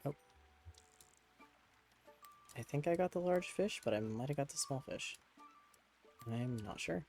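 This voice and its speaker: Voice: mid-range voice, lively intonation, unhurried, darkish tone, faint music behind, poor audio. A streamer chatting casually while playing a game at a home desk, cooing to a pet cat between musing remarks.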